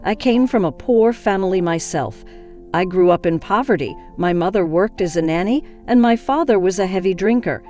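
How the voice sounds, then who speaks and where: A woman's voice: medium pitch, lively intonation, normal speed, darkish tone, natural voice. A woman voicing a remorseful elderly former midwife in a confessional, pleading manner, in an audio story. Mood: earnest. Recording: faint music behind.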